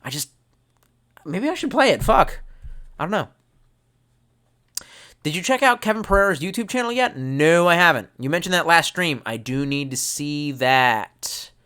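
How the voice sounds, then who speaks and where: A man's voice: high-pitched, sing-song, normal speed, long pauses, pushed and bright. A man, drunk, rambling and swearing as he reads out chat on a live stream. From United States. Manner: profane, rambling, mock-angry outbursts.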